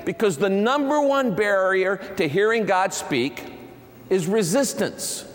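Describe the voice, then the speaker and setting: A man's voice: sits high, lively intonation, a little slow. A man preaching a sermon, emphatic, driving points home with repeated lists. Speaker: pastor. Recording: long hall reverb.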